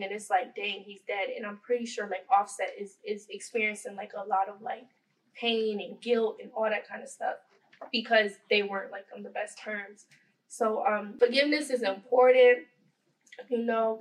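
A woman's voice: mid-range voice, recorded from a distance, low-quality recording. A woman co-hosting a podcast, talking casually and earnestly, with lots of "like" fillers. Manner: heavy use of "like", earnest. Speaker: podcast co-host. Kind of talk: casual chat.

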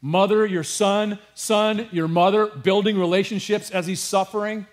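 A man preaching a sermon with passion, dropping to a hush and rising to emphasis, with casual asides to his congregation. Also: sits high, fairly even intonation, moderate pace. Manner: passionate, swings from hushed to emphatic. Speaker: pastor.

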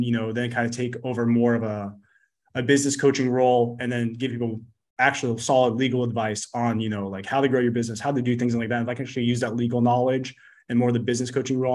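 A man's voice: medium pitch, a little mellow. A man who is a podcast guest, talking casually in a rambling, blunt way, full of fillers and swearing. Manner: rapid, rambling, full of "like" and "you know". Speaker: podcast guest, business coach. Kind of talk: casual interview chat.

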